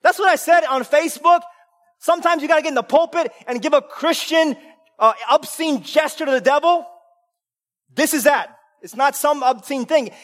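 A woman preaching an impassioned sermon, trading shouted refrains with hushed asides and firing rapid questions at the congregation. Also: high-pitched. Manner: call-and-response questions. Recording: long hall reverb.

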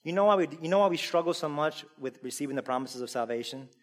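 A man preaching a sermon to a congregation. He asks them questions and climbs from easy conversation to loud, full-voiced preaching. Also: a little high, expressive, quick pace. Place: church sanctuary. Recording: long reverb of a large hall.

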